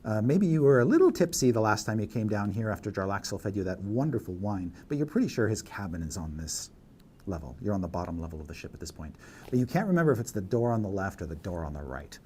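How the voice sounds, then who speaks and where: A man's voice: lowish voice, big pitch swings, fast talker, mellow, slight background noise. A man narrating a tabletop game as dungeon master, setting scenes in detail with frequent fillers.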